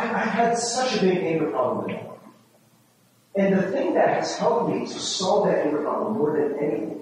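Man, pastor, conversational sermon, high voice, booming hall reverb, distant mic, faint room hum. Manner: conversational, asks the congregation "right?" often; acts out his own inner voice with rising, fast self-talk. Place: church sanctuary. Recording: very echoey hall, voice from far off.

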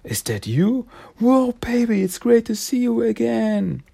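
A man's voice: extremely high pitch, sing-song, measured pace, creaky, warm tone, husky, pitched above the performer's own voice, exaggerated voice. A man voicing a slick young male mutant ferret hustler with a chummy, wheedling street manner. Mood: breezy.

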